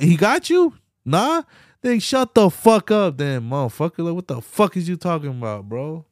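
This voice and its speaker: A man's voice: fairly high pitch, dry recording, studio quality. A man hosting his own podcast, ranting heatedly and profanely with rhetorical questions and mocking asides, with a Pittsburgh accent. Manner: mocking quoted voices of opponents. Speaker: podcast host. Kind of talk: solo podcast rant.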